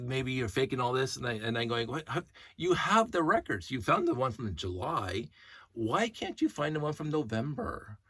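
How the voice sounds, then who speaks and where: Male vlogger: husky and forceful, dry close sound, telling a story in an indignant, rambling way. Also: mid-range voice, dry recording. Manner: animated and indignant, rambling retelling. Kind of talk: casual storytelling rant.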